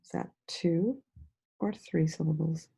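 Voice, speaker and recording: A woman teacher giving a slow, sing-song lesson to young children, stretching out words and praising them often. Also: low voice, gravelly, mellow, breathy edge, rough recording. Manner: encouraging, drawn-out words with frequent praise.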